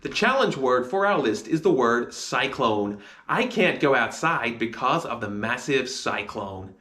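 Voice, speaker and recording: A man's voice: mid-range voice, sing-song, a little slow, sharp tone. A man teaching a phonics spelling lesson, sounding out each word letter by letter.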